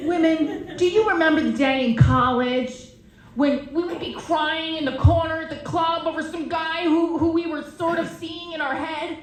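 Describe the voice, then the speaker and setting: A woman in her forties doing a stand-up set, telling stories in a brash, profane, animated way on a comedy club stage. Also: very high voice, moderate pace, noisy background. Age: 40s. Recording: roomy live club sound.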